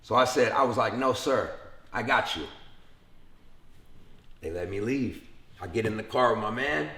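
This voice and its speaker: A young man tells his story in a casual interview with a gravelly, rough-edged voice. He acts out the people he quotes in a lively, profane way. The room around him has a noticeable echo. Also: medium pitch, moderate pace. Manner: animated retelling with acted quotes and profanity. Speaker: interview guest.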